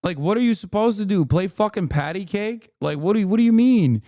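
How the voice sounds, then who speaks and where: Hoarse guy ranting on his stream, swearing a ton, sarcastic, kinda high voice, dry close mic. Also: expressive, fairly quick, warm tone, no echo. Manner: angry, swearing, sarcastic rants. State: losing his voice. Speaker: streamer reacting to a video. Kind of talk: heated livestream commentary.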